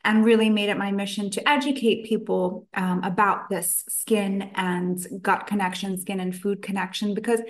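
A woman's voice: mid-range voice, fairly even intonation, moderate pace, hardly any pauses. A woman nutritionist, a guest on a podcast interview, telling her story in a chatty way with quoted asides. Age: adult, past college.

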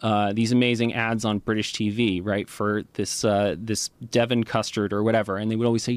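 A man's voice: medium pitch, normal speed, no room sound. A man in casual conversation, explaining ideas at length and often checking in with "right?" and "you know.". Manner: lively, frequent "right?" and "you know" fillers.

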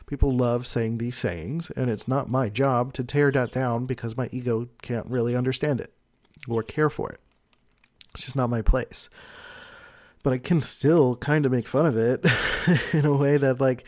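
A man's voice: mid-range voice, moderate pace, dry recording. Rambling man in a dry room. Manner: rambling, with frequent "like" and soft laughs. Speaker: personality type commentator. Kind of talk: casual explanatory monologue.

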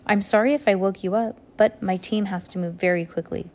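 A woman's voice: medium pitch, fairly even intonation, a little fast, darkish tone, lightly acted. A woman voicing a chubby, cheerful marketing man who talks in a beaming, breezy way.

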